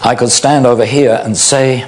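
A man preaching a sermon, slow and illustrative, acting out little mock quotes to make his point. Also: medium pitch, fairly even intonation.

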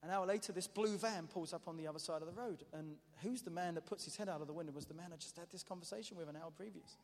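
A man preaching a testimony as an animated, self-mocking storyteller, often restarting his sentences. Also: on the high side, fast. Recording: echoey hall reverb.

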